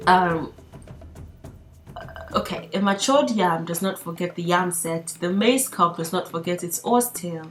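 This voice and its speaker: A woman's voice: on the low side, a little slow, soft background music. A woman teaching a language lesson in a chatty, casual way, reading lines aloud and explaining them with frequent fillers and laughs.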